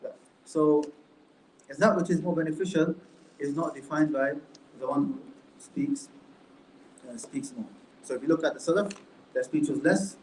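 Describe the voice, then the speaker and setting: Guy teaching a class from a book, keeps asking "right?", slightly high voice, echoey room. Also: a little mellow, a little hiss or hum. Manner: conversational, with many rhetorical questions and "right?". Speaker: Islamic studies teacher. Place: indoor classroom. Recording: roomy echo, faint room ambience.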